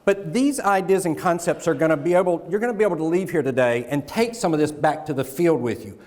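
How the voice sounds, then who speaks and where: A man from the South gives a keynote at a conference. His voice sits a little high, and he talks in a jokey, folksy way. A long reverb fills the large hall around him. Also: animated, a little mellow. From American South. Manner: jokey, folksy, with pauses for laughs. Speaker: keynote speaker. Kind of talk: motivational keynote speech.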